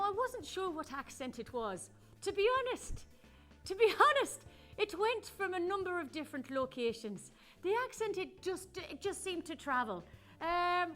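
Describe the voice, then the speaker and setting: Woman, home shopping host, high bright voice, effusive sales patter over soft music. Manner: gushing, chatty and persuasive. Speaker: shopping channel presenter.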